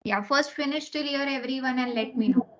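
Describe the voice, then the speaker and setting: Speaking a bit fast in a high voice, a woman runs an online lesson, explaining things step by step and frequently checking in with "okay?". The audio is a lo-fi recording of an online meeting, picked up by a computer mic on a video call.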